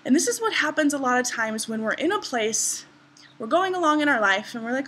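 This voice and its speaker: A woman's voice: fairly high pitch, expressive, moderate pace, pushed and bright, slight background noise. A woman in her thirties vlogging to camera outdoors in a garden, telling a travel story with bubbly enthusiasm. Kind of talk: casual vlog to camera.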